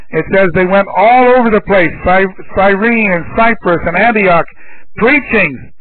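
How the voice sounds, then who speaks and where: A man preaching a sermon, telling stories with feeling and breaking into loud praise. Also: high voice. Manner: emotional, rises to loud exclamations of praise. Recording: tinny phone-like lo-fi recording.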